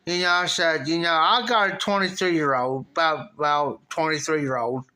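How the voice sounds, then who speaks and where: Animated, bright-voiced middle-aged American man. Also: a little high, normal speed. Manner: rambling, repeats phrases, animated when quoting himself. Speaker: live streamer. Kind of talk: casual storytelling to chat.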